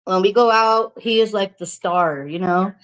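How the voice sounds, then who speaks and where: A woman's voice: medium pitch, a little slow, rough recording. Chatty, candid woman vlogger. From New Mexico. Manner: chatty and candid, swears freely, laughs often. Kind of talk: casual chat to camera.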